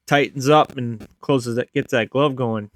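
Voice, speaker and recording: A man in his thirties co-hosting a casual hockey podcast, talking in a relaxed way and often trailing off mid-sentence. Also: medium pitch, measured pace, dry recording, clean studio sound. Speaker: podcast co-host. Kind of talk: casual sports chat.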